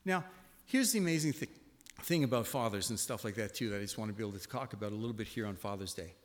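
A man in his sixties giving a sermon, telling a personal story and swinging from hushed reflection to loud exclamations. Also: fairly low pitch, expressive, quick pace. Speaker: pastor. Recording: long reverb of a hall.

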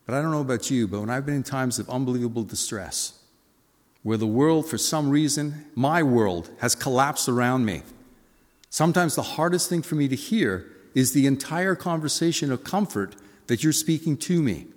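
A man's voice: a little high, expressive, fairly quick, big-room sound. A man preaching a sermon, asking his listeners questions and acting out the voices of the people in the story. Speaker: pastor.

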